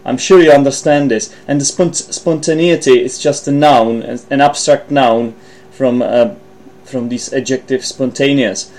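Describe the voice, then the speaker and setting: A man's voice: mid-range voice, fairly even intonation, a little slow, darkish tone. A man hosting an English-learning podcast, explaining vocabulary in a loose, thinking-aloud way, with frequent ums and restarts while partly reading from notes. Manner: hesitant, thinking aloud with many ums and self-corrections. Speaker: English teacher and podcast host.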